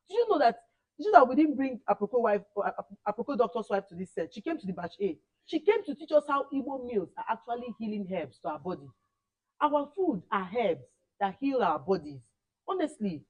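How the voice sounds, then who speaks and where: A woman teaching a class of children, animated and repeating words for emphasis. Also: on the high side, fairly quick, poor audio. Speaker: camp teacher.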